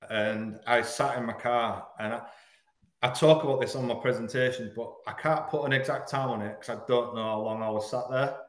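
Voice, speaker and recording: A man speaks in a middle-pitched voice and tells a hard personal story with blunt honesty. He pauses and stumbles over the heaviest parts, but he keeps going. The room gives his voice a roomy echo. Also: steady tone. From Hull, England. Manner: frank, earnest, halting at painful moments. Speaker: podcast guest. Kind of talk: candid personal storytelling in an interview.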